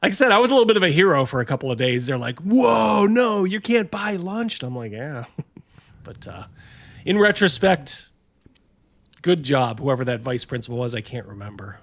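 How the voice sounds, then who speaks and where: A man's voice: medium pitch, a little fast. A middle-aged man hosting a casual chat, telling stories animatedly and acting out other people's voices. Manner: animated storyteller, acts out voices. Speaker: host.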